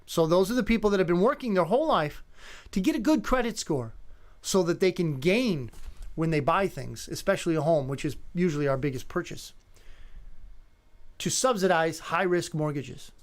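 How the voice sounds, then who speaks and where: A man's voice: high voice, lively intonation, fairly quick. A man in his fifties hosting a talk radio show, talking in an emphatic, conversational way. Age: 50s. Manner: conversational, emphatic, greets callers by name. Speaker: radio host.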